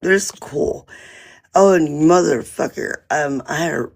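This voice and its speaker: A man's voice: a little high, a little slow, vocal fry. A man on a phone live stream, rambling through an indignant, profane story about a neighbor in casual chat. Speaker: livestreamer.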